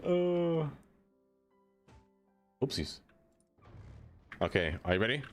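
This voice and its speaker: A man's voice: medium pitch, very animated, slow, soft background music. A man live-streaming a city-building game, chatting casually with his viewers and laughing often.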